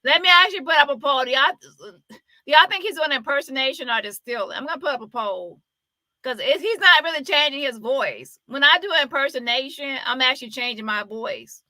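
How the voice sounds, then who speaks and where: A woman's voice: sits high, brisk, bright, forceful tone, dry recording. A woman hosting a casual live-stream commentary, chatty and often exclaiming as she talks. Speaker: commentary host.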